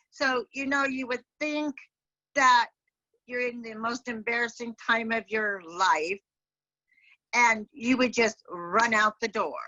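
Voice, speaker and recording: A woman, a deafblind entrepreneur, giving a convention talk with animated storytelling and voiced quotes. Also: a little high, normal speed, no echo, dull audio. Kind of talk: storytelling speech. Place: home, remote convention talk.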